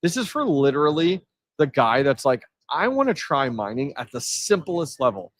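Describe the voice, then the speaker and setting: There's no room sound as this man, medium in pitch, hosts a live stream on an event floor. His casual talk is energetic: he reads the chat out loud, replies to it and drops in quick asides.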